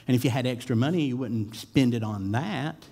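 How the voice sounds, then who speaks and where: A man's voice: medium pitch, normal speed, dark tone. A man giving a sermon, talking in a casual, conversational way with frequent fillers and repeated starts. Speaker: pastor.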